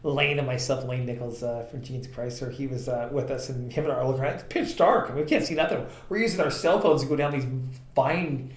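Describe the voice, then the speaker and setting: A man co-hosting a podcast speaks briskly at medium pitch with few pauses, telling rambling anecdotes about his transportation business and using plenty of fillers. The casual chat is captured in an echoey room with faint background noise.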